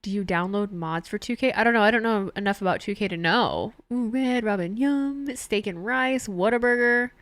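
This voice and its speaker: A woman's voice: mid-range voice, moderate pace, hardly any pauses, fairly bright tone, dry recording. A young woman live-streaming, chatting casually with viewers and laughing often as she reads out their messages. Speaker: streamer watching a wrestling show.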